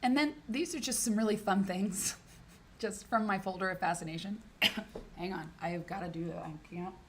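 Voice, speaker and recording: A woman hosting a casual live stream, chatting in a rambling way with many fillers and restarts, while sick and clearing her throat now and then. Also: medium pitch, moderate pace, fairly bright tone. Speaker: live show host. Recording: background noise.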